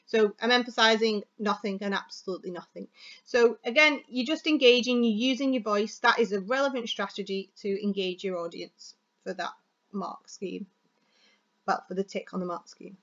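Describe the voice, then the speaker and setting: A woman teacher giving a chatty, fast, expressive lesson on delivering speeches. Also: medium pitch, dull audio. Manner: chatty, fast and expressive, stressing words for effect.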